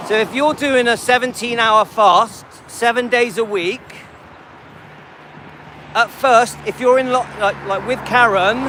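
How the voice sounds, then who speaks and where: The background is noisy as a high-voiced man hosts his live stream. Casually replying to viewers by name, he repeatedly checks in with "yeah?" and "okay?", and his speech is full of restarts and repetition.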